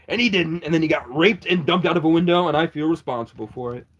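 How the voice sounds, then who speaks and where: A man with a fairly high voice rambles through a livestream, answering chat and swearing freely. He tells long, meandering stories in loose, casual speech. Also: quick pace, lo-fi sound.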